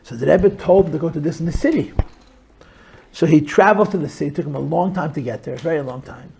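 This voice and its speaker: A middle-aged man, a rabbi, telling a story to a small group with animated emphasis, stretching words as he goes. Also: a little high, fast, vocal fry, slight background noise.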